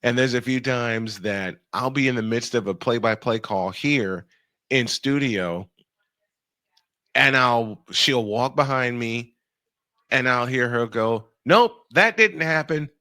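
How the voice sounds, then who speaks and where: A man hosting a radio show, telling a funny story in casual chat, animated and laughing often. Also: mid-range voice, no room sound, studio quality. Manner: animated, laughing, quick bursts of speech. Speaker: radio and podcast host.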